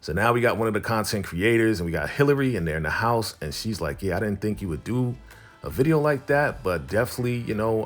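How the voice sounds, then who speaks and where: Man, casual recap host, slangy, acts out dialogue, lowish voice. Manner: slangy, retells scenes as quoted back-and-forth.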